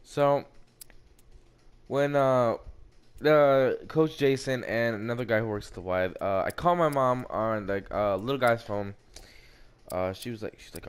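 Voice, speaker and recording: Halting young man telling a story. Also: medium pitch, expressive, smooth. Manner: halting, repeats words, swears at the game. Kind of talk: casual storytelling over gameplay.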